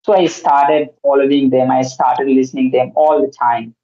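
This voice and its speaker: A man with a mid-range, dark-toned voice chats earnestly as the host of a casual conversation, speaking at a moderate pace with flat delivery. His English is that of a learner and full of fillers, and the audio is muffled and lo-fi.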